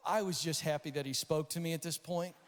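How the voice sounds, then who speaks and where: A high-pitched man telling stories from a conference stage, throwing himself into the voices and shouts of the people he describes. His voice carries a long reverb from the large hall around him. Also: fairly quick, slight background noise. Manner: animated storyteller acting out voices and shouts. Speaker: conference speaker. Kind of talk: storytelling keynote talk.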